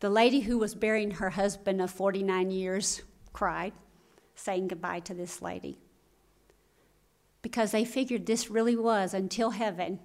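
A woman pastor preaching a sermon, telling a story dramatically and acting out voices. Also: medium pitch.

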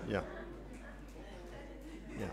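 An American man preaches a sermon in an earnest tone. He puts questions to the congregation and drops in light jokes between his points. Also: very slow. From United States. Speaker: pastor.

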